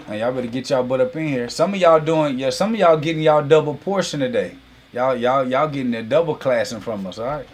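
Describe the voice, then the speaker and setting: A man opens a live online class with easygoing chatter. He ribs viewers in the chat and builds excitement for the lesson in a relaxed, animated delivery that keeps slipping into friendly teasing. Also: medium pitch, brisk. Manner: playful teasing banter with chat; animated hype, heavy use of y'all. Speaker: host and business coach. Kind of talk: casual livestream class intro.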